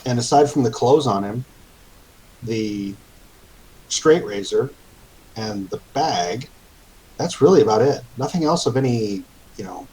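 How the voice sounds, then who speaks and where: Man, game master, tabletop game narration, mid-range pitch, halting, many fillers. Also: animated, a little mellow, low-quality recording.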